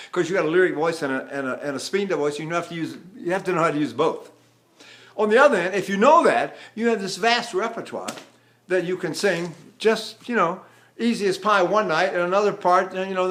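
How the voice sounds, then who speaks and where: A man's voice: sits high, fairly bright tone. An older man teaching a voice lesson with a trained tenor voice, talking animatedly and breaking into sung phrases. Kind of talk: vocal lesson with sung demonstrations.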